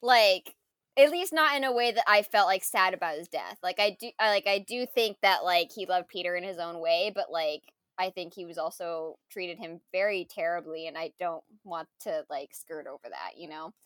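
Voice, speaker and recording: A woman in casual conversation reviewing a film, animated and full of fillers and laughs. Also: fairly low pitch, moderate pace, dry recording, studio quality.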